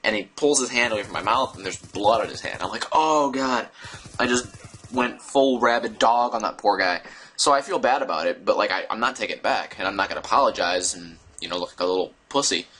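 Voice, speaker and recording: A young man telling a story casually to his viewers, rambling and digressing with an animated delivery. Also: lowish voice, fast, a little hiss or hum. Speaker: vlogger.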